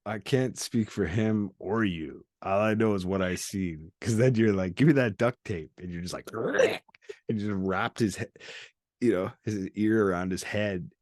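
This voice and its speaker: A man's voice: on the low side, a little slow, a little mellow, no room sound, studio quality. A man hosting an unscripted chat, telling a story with lots of swearing and acting out what people said. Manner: storytelling, profane, acts out quoted voices. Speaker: podcast host.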